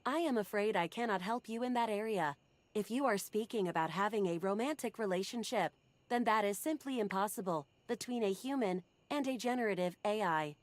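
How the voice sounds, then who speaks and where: A woman's voice: medium pitch, brisk, no echo, natural voice. A woman voicing a polite, formal female AI voice assistant in a video game. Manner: calm, formal, scripted.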